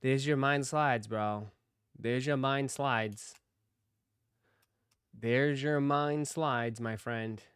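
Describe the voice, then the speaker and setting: A man's voice: mid-range voice, very slow, pauses often, fairly bright tone, clear, resonant tone. A man on a live stream commenting casually on old videos, with loose, profane asides.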